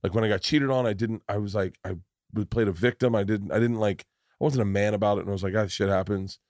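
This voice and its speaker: A man's voice: fairly low pitch, fast, a little mellow, no room sound, clean studio sound. A man hosting a podcast, telling a self-deprecating comic story with lots of restarts and laughter. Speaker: podcast host. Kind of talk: casual comedic storytelling.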